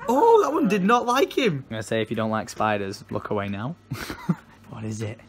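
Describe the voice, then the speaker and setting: A young man, chatting excitedly in a casual vlog and often breaking into laughter. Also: medium pitch. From England. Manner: excitable, laughing, quick exclamations. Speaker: vlogger. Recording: faint background noise.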